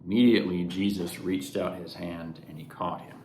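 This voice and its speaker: A man's voice: low voice, fairly even intonation, moderate pace, a little mellow. A man giving an earnest, conversational devotional reflection, often restarting his thoughts. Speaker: devotional speaker. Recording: roomy echo, faint background noise.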